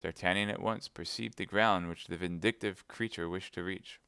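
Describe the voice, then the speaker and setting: A man reading a classic novel aloud on a live stream, in measured, steady narration. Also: deep voice, creaky, clear, resonant tone, no room sound, studio quality. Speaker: reader, streamer.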